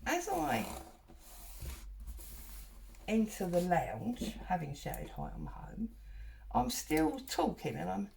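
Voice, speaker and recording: A woman's voice: on the low side, wildly swooping pitch, takes it slowly, gravelly, long pauses, background noise. A middle-aged woman, chatting and telling a rambling story while she does paper crafts at home. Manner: chatty, rambling, wanders off and back to her story. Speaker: craft vlogger.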